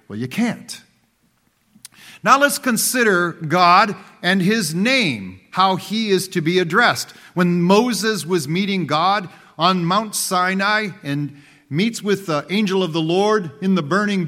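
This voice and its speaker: Male pastor, slightly high voice, unhurried emphatic sermon delivery. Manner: slow, emphatic preaching with dramatic pauses and swings from loud to hushed.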